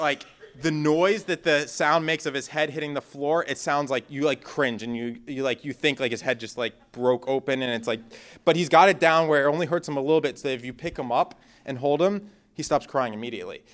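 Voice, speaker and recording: A young male pastor preaching with an easy, conversational warmth in his storytelling. His voice sits a little higher than most men's. He swings between loud, energetic passages and near-whispered asides. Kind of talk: sermon with personal stories.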